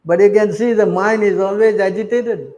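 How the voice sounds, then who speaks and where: High-voiced man preaching with rhetorical questions. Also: moderate pace, a little mellow, low-quality recording. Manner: peppers talk with rhetorical questions like "huh?"; reads verses then explains them in emphatic, blunt bursts. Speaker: scripture class teacher. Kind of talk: scripture reading and sermon.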